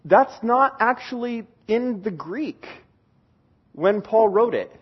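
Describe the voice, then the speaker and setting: A man's voice: sits high, expressive, takes it slowly, husky, highs cut off. A man preaching a sermon, explaining a scripture passage and reading verses aloud while stressing key words.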